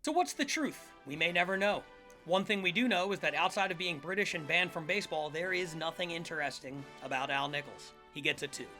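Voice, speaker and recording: A man's voice: on the high side, brisk, pushed and bright, soft background music. A man from the Philadelphia area hosting a scripted comedic history show, full of sarcastic, jokey asides. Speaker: podcast host.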